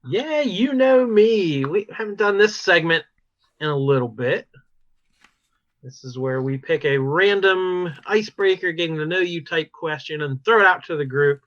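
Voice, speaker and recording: Casting note: male co-host, bright tense tone, a little high, easygoing and chuckling. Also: normal speed, lo-fi sound. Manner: relaxed, chuckling. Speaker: podcast co-host. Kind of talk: casual chat.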